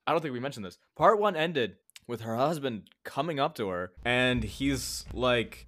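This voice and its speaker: A man's voice: mid-range voice, animated, moderate pace, a bit bright. A man co-hosting a podcast, casually rambling about a film and retelling scenes in quoted voices. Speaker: podcast co-host.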